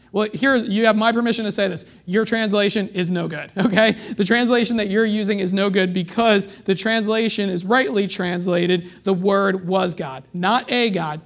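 High-voiced man preaching emphatically. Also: fairly bright tone. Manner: emphatic preaching, rhetorical questions, dramatic drops in volume. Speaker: pastor. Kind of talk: sermon.

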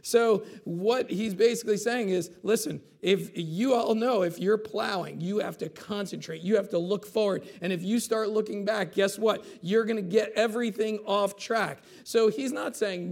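Male pastor, high-pitched gravelly voice, chatty sermon delivery with frequent asides. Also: moderate pace, hardly any pauses. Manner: conversational preaching, acts out quotes with asides like "okay?".

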